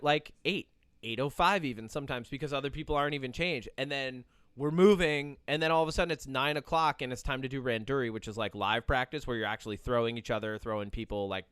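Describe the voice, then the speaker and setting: A man's voice: mid-range voice, clear, resonant tone, no room sound, studio quality. A young man hosting a podcast, chatting casually and telling rambling stories with lots of laughter. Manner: rambling, animated storyteller who laughs often. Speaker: podcast host. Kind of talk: casual chat.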